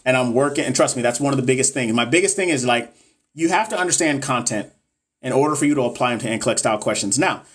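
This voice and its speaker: A man tutoring nursing exam students on a casual livestream, reading viewer comments and chatting loosely with lots of fillers. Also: mid-range voice. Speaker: NCLEX tutor and course seller. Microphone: phone or webcam on a livestream.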